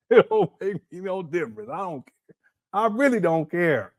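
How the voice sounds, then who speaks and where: Male livestream host, animated, teasing, laughs a lot, slightly high voice, swoops all over. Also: a little slow. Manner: animated, laughing, teasing, reads viewer chats aloud. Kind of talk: casual livestream commentary.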